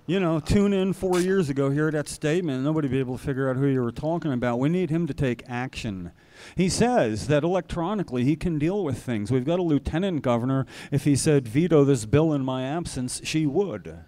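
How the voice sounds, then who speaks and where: A man's voice: mid-range voice, mellow. A man co-hosting a live political talk show, ranting with indignation.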